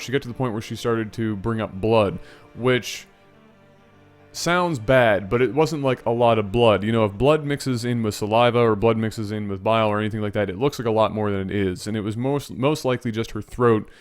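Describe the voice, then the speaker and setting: A man casually telling a long story to his viewers, animated and rambling. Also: on the low side. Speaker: storytelling video host.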